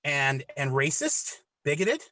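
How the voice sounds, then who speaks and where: Man, podcast host, halting, repeats words, bright tense voice, dry close sound. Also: on the high side, sing-song, no room sound, low-quality recording. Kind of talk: casual chat, asking questions.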